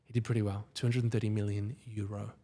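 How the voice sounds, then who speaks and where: Husky man telling stories. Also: lowish voice, little pitch movement, warm tone. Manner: enthusiastic storyteller, quick asides, laughs at own stories. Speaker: guest, company founder. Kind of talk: casual podcast interview.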